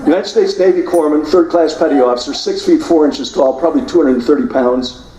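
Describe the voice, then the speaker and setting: A man's voice: a little high, brisk, far from the mic, crowd noise. Older man telling war stories, echoey hall. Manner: forceful storytelling, mimics quoted voices. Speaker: guest speaker. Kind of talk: speech narrating combat footage. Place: hotel banquet hall.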